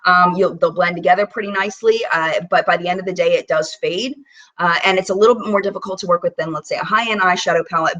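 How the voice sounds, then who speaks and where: A woman hosting a casual live-stream about makeup, talking in a chatty, animated way with bursts of mock disbelief as she swatches products. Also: lowish voice, quick pace, recorded from a distance, dull audio. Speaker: beauty vlogger hosting a live chat.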